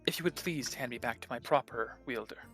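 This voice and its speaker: A prim, fussy sentient glaive with a courteous but haughty manner, as a game master puts it on. The voice sits mid-range and speaks in a stiff, formal way, with faint music behind it. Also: male voice, medium pitch, brisk, pushed and bright, voice pushed down. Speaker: sentient weapon.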